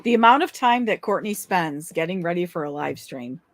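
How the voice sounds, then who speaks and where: A woman's voice: fairly low pitch, lively intonation, moderate pace, no echo. A woman co-hosting a casual live stream, teasing her friend in a blunt, joking way.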